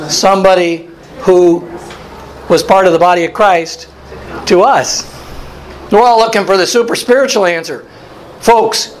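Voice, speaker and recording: Man, pastor, high voice, interactive sermon, repeats his points, calls on listeners. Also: rough recording. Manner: asks the group questions and repeats key phrases. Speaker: pastor leading a Bible study.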